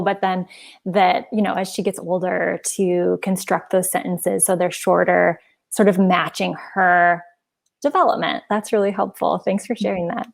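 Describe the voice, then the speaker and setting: A woman's voice: medium pitch, creaky. A woman interviewer asking casual, conversational questions. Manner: conversational, uses "like" and "you know".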